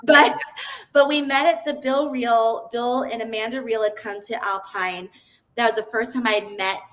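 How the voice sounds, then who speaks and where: A woman's voice: on the high side, steady tone, normal speed, poor audio. A woman, a podcast guest, telling her personal story in an earnest, open way, often restarting her sentences.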